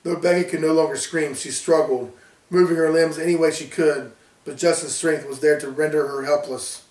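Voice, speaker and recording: A man reading his own horror story aloud with a steady storytelling delivery. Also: a little high, normal speed. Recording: roomy, distant from mic.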